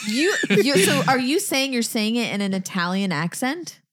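A woman's voice: on the high side, sing-song, moderate pace, heavy background noise. A woman co-hosting a podcast in casual chat, teasing and giggly. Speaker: podcast co-host.

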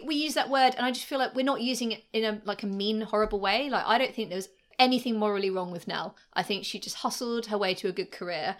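With a fairly high, slightly bright voice, a podcast co-host tells history stories in a relaxed, chatty manner. Her speech is full of "like" fillers, and she laughs frequently.

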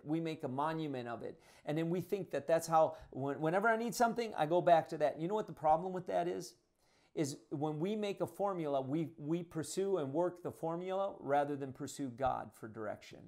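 A man's voice: a little high, a little mellow. A male pastor delivering a sermon, talking in a conversational, earnest way and often restarting his phrases.

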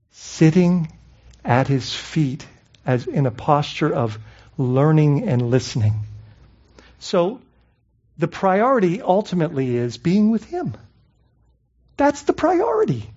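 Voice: medium pitch, darkish tone, highs cut off. A pastor preaching a sermon in a conversational way, asking the congregation rhetorical questions and often adding "I mean" and "right?".

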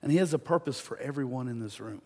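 A man preaching a sermon, telling a story and building to loud, emphatic peaks. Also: medium pitch, fast talker.

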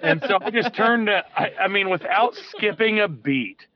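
A man's voice: high-pitched, lively intonation, moderate pace. A man, a fishing guide calling in to a show, telling a long story in a loose, casual way with restarts and the odd swear word. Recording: dull lo-fi call audio.

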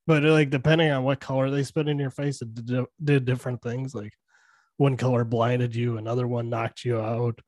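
A man's voice: medium pitch, little pitch movement, moderate pace, a little mellow, no room sound. Guy on a movie podcast, cussing and cracking up a lot, dry close mic. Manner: loose and profane, laughs often, uses wrestling references. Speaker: podcast co-host. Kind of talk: casual movie breakdown chat.

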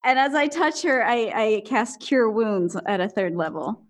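A woman playing a tabletop role-playing game, excitable and often giggling. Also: fairly high pitch, a little slow. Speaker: player.

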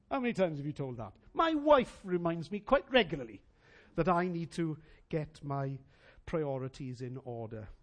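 A pastor preaching from the pulpit, his voice pitched high for a man. He swings widely up and down as he drives points home. He mixes personal stories into his preaching. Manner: animated, preacherly emphasis with anecdotes. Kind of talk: sermon.

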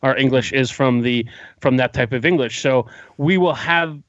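A man's voice: medium pitch, normal speed, no echo. A Canadian man co-hosting a podcast, telling stories in a casual chat, mimicking voices and laughing often. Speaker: podcast co-host. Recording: slightly muffled audio.

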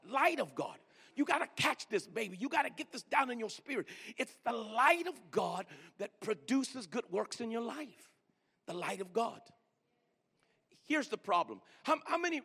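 In a church sanctuary, a man delivers a sermon in a very high, fairly bright voice, using call-and-response to get the congregation talking back. He stretches key words to press them home, with a long reverb from the large hall.

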